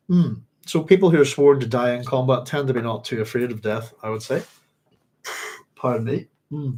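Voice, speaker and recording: A man with a mid-range, darkish voice speaks at a moderate pace while hosting a book club stream. He reads passages aloud and rambles chattily in between, chuckling often in this casual livestream book chat.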